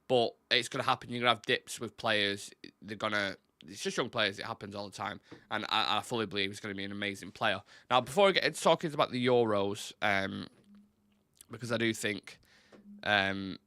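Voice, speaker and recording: A man's voice: fairly low pitch, sharp tone, no room sound. A young man hosting a casual football chat show, talking loosely and swearing often. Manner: chatty, swears a lot, gets flustered with tech. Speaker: football podcast host.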